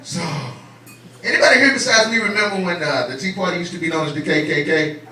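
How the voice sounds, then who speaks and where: A man's voice: sits high, quick pace, pushed and bright, slight background noise. A man doing a stand-up comedy set on a club stage, profane and streetwise, firing rhetorical questions at the audience. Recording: echoey club from far off, crowd laughter. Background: audience laughing.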